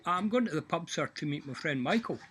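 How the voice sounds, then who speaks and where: A man's voice: a little high, lively intonation, a little fast, a bit bright, a little hiss or hum. A man doing a timid, meek Irishman. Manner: meek deferential answers.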